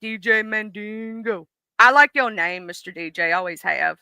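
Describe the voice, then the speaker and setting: Lady live streamer, super bright smooth voice, rambly and chatty, dry close sound. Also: medium pitch, steady tone, moderate pace, no room sound. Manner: rambling, chatty, greets chat viewers by name. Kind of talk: casual live-stream chat.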